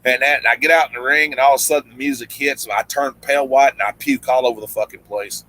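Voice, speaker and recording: Casting: man, bright and forward voice, casual rambling storyteller who voices the people in his tales. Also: medium pitch, steady tone, quick pace, low-quality recording. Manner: rambling, many restarts, acts out quoted lines. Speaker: guest storyteller, former pro wrestler.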